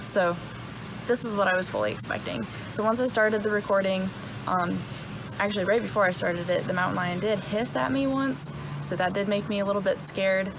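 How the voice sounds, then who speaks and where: A young woman speaks at an everyday mid pitch, with a gravelly, creaky edge to her voice. She retells her story casually and in a relaxed way, with plenty of ums. A clear bed of noise runs behind her. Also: brisk. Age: young adult. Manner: relaxed, with many ums and uhs. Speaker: hunter telling her story.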